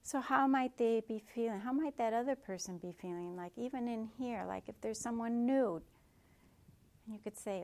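A woman meditation teacher giving a dharma talk in a gentle, reflective way with soft asides. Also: fairly high pitch, normal speed.

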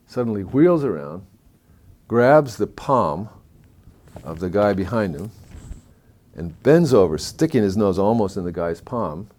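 Low-voiced man telling a story. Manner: hushed and somber, then lively and excited when retelling. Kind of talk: spoken storytelling talk.

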